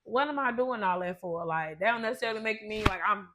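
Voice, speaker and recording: A woman's voice: medium pitch, quick pace, background noise. A woman guest on a podcast, a mother, chatting bluntly and with plenty of profanity. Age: adult mother. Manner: blunt and profane, laughs often. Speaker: podcast guest, content creator. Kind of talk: casual chat.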